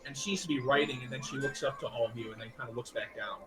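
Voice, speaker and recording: A man's voice: mid-range voice, a bit bright, a little hiss or hum, rough recording. A man running a tabletop game as game master, narrating casually with restarts. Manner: casual, loose, with restarts and quick figure voices.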